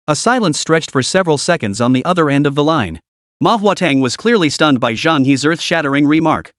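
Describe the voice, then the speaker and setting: Dry, fairly high-voiced male narrator. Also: lively intonation, fairly quick, a bit bright, dry recording. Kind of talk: scripted story recap narration.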